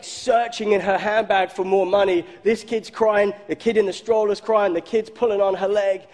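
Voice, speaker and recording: A male pastor preaching a sermon, telling a story and slowing down low for emphasis. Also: darkish tone. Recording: long hall reverb.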